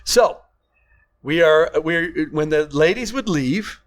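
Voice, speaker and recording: An older man, a grandfather, telling rambling family stories in casual chat and acting out quotes loudly. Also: fairly high pitch, expressive, slow pace. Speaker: podcast co-host.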